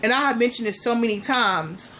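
Lively chatty woman vlogger. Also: on the high side, brisk, a little hiss or hum. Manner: chatty, playful, addresses viewers as y'all; animated, swings between soft asides and loud exclamations. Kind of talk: casual chat to viewers.

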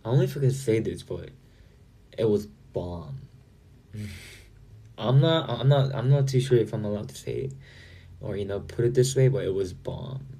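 A man casually chatting with fans on a livestream, reading out and answering their comments in a relaxed way. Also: on the low side, moderate pace, long pauses, husky. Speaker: livestream host.

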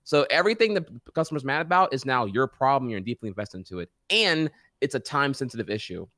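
A man's voice: mid-range voice, lively intonation, fast talker, fairly bright tone, no echo, studio quality. A man co-hosting a casual podcast chat, telling rambling, profane stories full of fillers. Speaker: podcast co-host.

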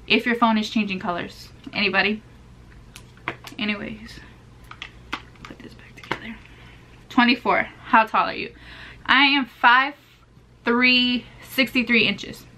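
A woman's voice: a little high, measured pace, pauses often, bright, forceful tone, slight background noise. A woman of twenty-one, answering get-to-know-me questions in a casual, sassy vlog while chewing gum. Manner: chatty, sassy, playful asides to viewers. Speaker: beauty vlogger.

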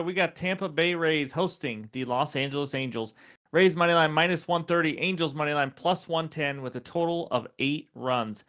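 A man's voice: a little high, moderate pace, a bit bright. A man hosting a sports betting show, rattling off statistics in an easygoing, conversational way. He fills gaps with "um" and "uh" as he builds his case for each pick. His voice is wearing thin. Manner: chatty, fillers and stat rundowns. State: losing his voice. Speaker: sports betting podcast host. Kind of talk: casual betting picks talk.

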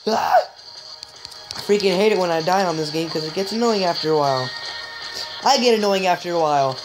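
A woman giving joking, excitable let's-play commentary, chatting straight to viewers and letting out sudden high yelps. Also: quick pace, low-quality recording. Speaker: gamer. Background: game music.

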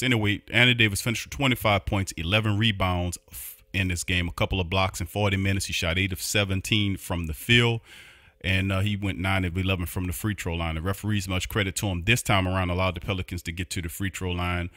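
A man's voice: low-pitched, fairly even intonation, fast, sharp tone, no room sound. A man hosting a sports podcast, ranting heatedly with a New Orleans accent and repeating himself in frustration. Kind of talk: opinionated sports recap.

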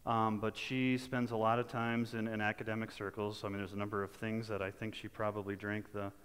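A man's voice: on the low side, little pitch movement, fairly quick, a bit bright, smooth, in a large hall. A male pastor giving a sermon in a conversational, folksy manner, often restarting his phrases. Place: church sanctuary.

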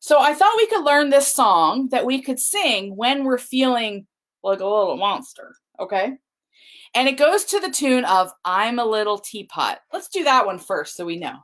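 A children's librarian leads a kids' storytime in a library, with drawing and booktalks, coaxing the children with lots of sing-song questions. Her voice is fairly high and a bit bright, with big pitch swings and a moderate pace.

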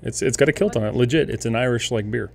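A man's voice: mid-range voice, fast talker, vocal fry. A man hosting a live stream, chatting casually and joking with his co-hosts. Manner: easygoing, joking, teasing. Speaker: livestream host.

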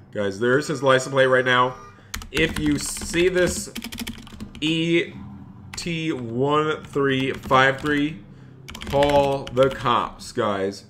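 Bright-voiced man streaming a game. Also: mid-range voice, a little hiss or hum. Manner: chatty, talks to chat while playing a bank clerk. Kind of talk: live game role-play commentary.

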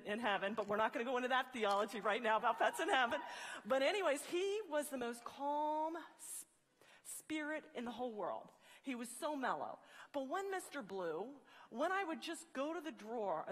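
A woman motivational speaker giving a humorous, animated faith-based talk to college students in a large hall. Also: high voice. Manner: animated, joking storyteller. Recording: long reverb of a large hall.

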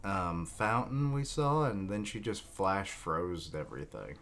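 A man's voice: deep voice, animated, unhurried, fairly bright tone, slight background noise. A man reacting live to a manga chapter, reading panels aloud in a casual way and swearing now and then. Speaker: reaction video host.

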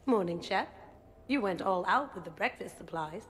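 Brief: actress as a playful deadpan thief, reverberant sound, game dialogue. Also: female voice, mid-range voice, moderate pace, slight background noise, lightly acted. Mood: wry. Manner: deadpan humor. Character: playful young female thief, wry. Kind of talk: video game voice acting.

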